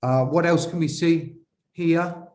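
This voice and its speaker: Slow-talking man correcting an essay. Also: a little high, fairly even intonation, darkish tone. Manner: slow, hesitant, questions to viewers. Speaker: IELTS examiner teaching writing. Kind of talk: classroom-style essay correction.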